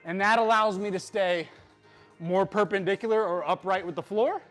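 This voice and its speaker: A man's voice: sits high, moderate pace, a bit bright, soft background music. A man coaching a live workout, explaining technique step by step and often checking in with "right?". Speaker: fitness coach.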